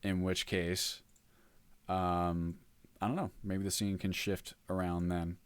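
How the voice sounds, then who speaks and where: A man's voice: deep voice, level tone, slow pace, clear, resonant tone, no room sound. A man streaming casually while working, rambling, reading chat aloud and humming to himself. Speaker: modlist developer streamer.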